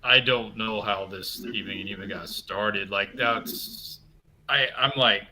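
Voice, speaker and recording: Bright-voiced, laughing male panel guest. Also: fairly low pitch, slow pace. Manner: laughs often, chatty. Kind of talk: casual livestream chat.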